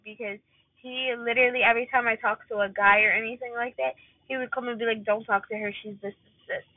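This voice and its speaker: A woman's voice: on the high side, no echo. A young woman venting casually about her love life and a coworker, rambling and exasperated with lots of fillers. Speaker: vlogger. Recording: tinny phone-like dry recording.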